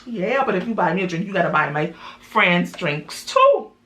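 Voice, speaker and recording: A sassy young woman at a bar, coy but demanding, as a woman telling the story plays her. The voice is bright and sharp. A faint hiss sits underneath. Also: lowish voice, expressive, normal speed, reverberant, pitched above the performer's own voice.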